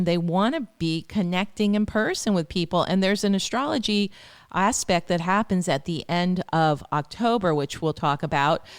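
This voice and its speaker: A woman astrologer giving dating advice as a podcast guest, chatty and animated, acting out what her clients say. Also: fairly low pitch. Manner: chatty, acts out clients' words. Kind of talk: podcast interview, advice talk.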